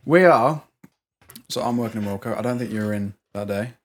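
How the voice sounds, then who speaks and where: A man, co-hosting a podcast and telling a work story in a casual, animated way, laughing often and mimicking the people in it. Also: fairly low pitch, fairly quick. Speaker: podcast co-host.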